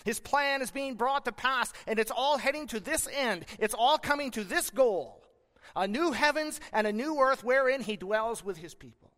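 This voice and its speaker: A man preaching a sermon as pastor, earnest and emphatic, with slow deliberate pauses. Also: very high voice, lively intonation, a bit bright, in a large hall.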